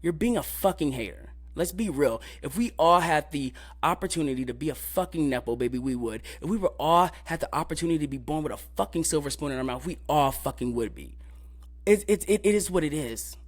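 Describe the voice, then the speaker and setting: A man hosting a podcast, ranting in a casual, profane, emphatic way, often repeating filler phrases and jumping up in pitch when fired up. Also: animated, fairly quick. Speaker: podcast host.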